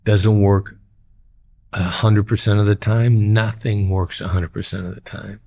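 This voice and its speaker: Gravelly middle-aged guy on a podcast, low voice, blunt and repeats himself to make a point. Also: level tone, a little slow, dark tone. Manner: plain-spoken, repeats key phrases for emphasis. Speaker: guest, former hostage negotiator. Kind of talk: podcast interview.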